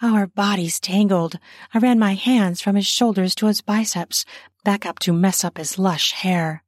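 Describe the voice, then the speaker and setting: A woman narrating an erotic story in the first person, soft and breathy, sometimes dropping to a whisper. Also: medium pitch, a little slow, no echo, studio quality.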